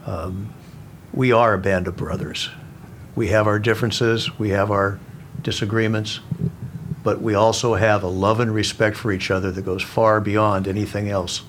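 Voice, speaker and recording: Earnest low-voiced man, faint ambience. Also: little pitch movement, normal speed, a little hiss or hum. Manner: earnest, heartfelt. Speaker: round-table participant.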